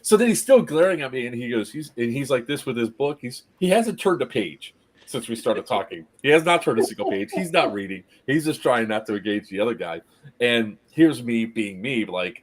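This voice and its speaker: A man casually telling a long story on a podcast as its host, animated and often laughing. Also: mid-range voice, normal speed. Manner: animated anecdote teller, laughs through his story.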